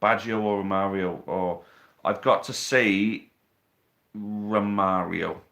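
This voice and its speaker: A man's voice: on the low side, fairly even intonation, takes it slowly, creaky, a bit bright. Chatty man on a live stream. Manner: chatty, reads out viewer questions, teasing banter. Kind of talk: casual live stream chat. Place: living room at home. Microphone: phone on a tripod.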